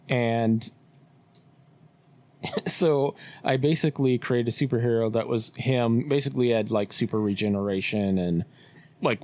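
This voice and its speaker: Male podcast co-host: easygoing storyteller, laughs often, mid pitch. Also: a little mellow. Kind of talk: casual chat.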